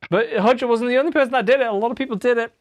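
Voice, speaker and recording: A man's voice: very high voice, very fast. A man hosting a casual livestream, rambling chattily and answering chat messages while he plays guitar. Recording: guitar playing behind the voice.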